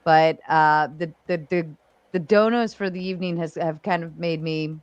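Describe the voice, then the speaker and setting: A woman's voice: fairly low pitch, fairly even intonation, normal speed, smooth, no room sound, highs cut off. A woman hosting a live-stream panel, teasing her guests and playfully reading out donations. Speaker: stream host.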